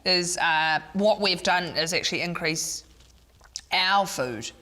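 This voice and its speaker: A woman, acting out an evasive, flustered minister in a comedy sketch. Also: slow. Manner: evasive, flustered, lively swings in pitch. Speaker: comedian playing a government minister.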